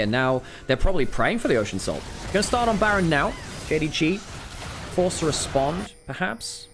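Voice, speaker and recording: A man doing live play-by-play commentary on an esports match. He shifts from calm analysis to exasperated outbursts, and he is worn out after a long week. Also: mid-range voice. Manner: self-correcting, apologetic asides to viewers. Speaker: esports caster.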